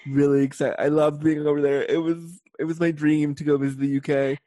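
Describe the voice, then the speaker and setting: A Canadian woman hosting a podcast, chatting in a lively, rambling way with quick tangents. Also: sits low, no room sound. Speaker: podcast host. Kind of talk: casual interview chat.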